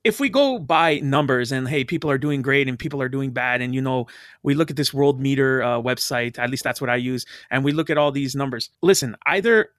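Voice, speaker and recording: A Canadian man in casual chat, talking fast and animated, often acting out quoted voices. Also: mid-range voice, no room sound, studio quality.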